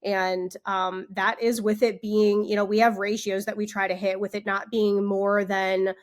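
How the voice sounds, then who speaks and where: A woman's voice: mid-range voice, flat delivery, measured pace. A woman, a magazine owner, talking as a guest in a casual interview, chatty and upbeat, laughing easily.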